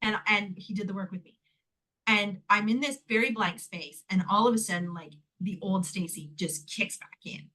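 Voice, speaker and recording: A Canadian woman, a guest in an interview, telling a personal story in an animated way, laughing often and acting out the voices of the people she quotes. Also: medium pitch, normal speed, poor audio. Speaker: guest, healing technique teacher.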